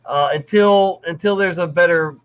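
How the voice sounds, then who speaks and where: A man's voice: high voice, moderate pace, clean tone, low-quality recording. A man hosting a live stream over a video call, easygoing and full of fillers. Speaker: host. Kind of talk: casual live-stream chat.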